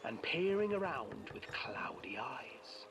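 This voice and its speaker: A voice narrating a dark fairy tale on a horror game's ride, hushed and dramatic, often dropping into a whisper. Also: mid-range voice, very animated, slow, gravelly, dull audio, full character voice. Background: game music.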